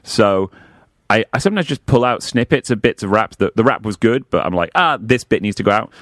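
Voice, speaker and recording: A man, a comedian guest on a radio talk show, telling animated stories and jumping into higher voices to quote people. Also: brisk, no echo, studio quality. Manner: animated anecdotes, jumps into high voices for quotes. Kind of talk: casual radio chat, storytelling.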